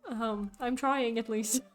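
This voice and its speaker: A woman's voice: fairly high pitch, steady tone, takes it slowly, faint music behind. A woman streamer chatting casually and playfully with her live audience while playing a game, laughing often. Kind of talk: casual live gameplay chat.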